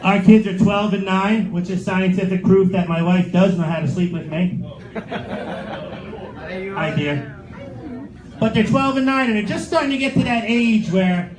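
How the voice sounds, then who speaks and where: A middle-aged stand-up comic, telling sarcastic, crude stories from a club stage. His voice sits high. The room rings around him and crowd laughter rises behind. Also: reverberant, poor audio. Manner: crude, sarcastic storytelling with acted quotes. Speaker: stand-up comedian. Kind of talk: stand-up comedy set. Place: comedy club stage with audience.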